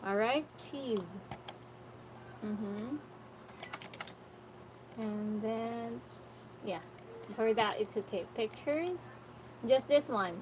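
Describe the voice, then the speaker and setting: Woman, online English tutor; unhurried, patient and corrective; fairly high voice; noisy background. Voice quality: patient, corrective, repeats words slowly for the student. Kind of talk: online pronunciation lesson. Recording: noticeable background noise.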